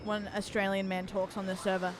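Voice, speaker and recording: A woman's voice: medium pitch, flat delivery, fast talker, background noise. A young woman streaming a game, chatting casually with viewers, reacting aloud and swearing now and then. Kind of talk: casual gaming stream chat.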